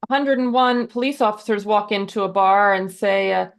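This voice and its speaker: A woman comedian rattles off improv jokes and sometimes slips into squeaky character voices. Her voice has a gravelly, creaky edge. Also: normal speed.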